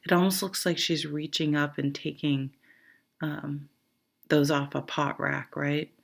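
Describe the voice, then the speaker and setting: Low, gravelly-voiced tired woman reading tarot. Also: little pitch movement, a little slow. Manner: rambling, thinking aloud with many fillers; laughs and swears casually. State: tired, yawning. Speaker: tarot reader.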